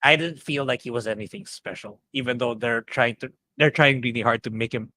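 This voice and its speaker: A man co-hosting a podcast, with a voice of middling pitch. He stammers and restarts as he talks and slips into giggles. The sound is dry and close-miked. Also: brisk, pushed and bright, no room sound. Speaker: podcast co-host. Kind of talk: casual chat.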